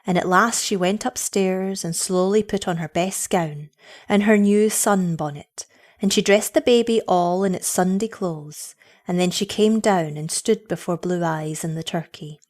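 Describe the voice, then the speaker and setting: A woman giving an expressive scripted story narration. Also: lowish voice, unhurried.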